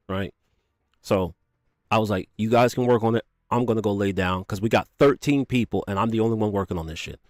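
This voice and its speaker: A young man casually telling a profane, animated story, acting out quotes as he goes. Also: on the low side, brisk, no room sound, studio quality.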